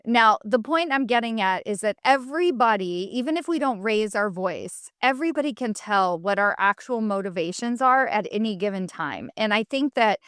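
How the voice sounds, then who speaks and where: Smooth-voiced woman hosting a chatty podcast. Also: medium pitch, animated, normal speed, hardly any pauses, fairly bright tone, no room sound, clean studio sound. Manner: candid, chatty storytelling with self-quotes; coaching, advice-giving. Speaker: podcast host. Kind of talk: solo podcast monologue.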